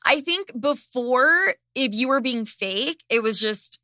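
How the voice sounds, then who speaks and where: A woman's voice: sits high, animated, slow pace, sharp tone, dry recording, clean studio sound. A woman hosting a casual chat, ranting sarcastically and swearing freely. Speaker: podcast host.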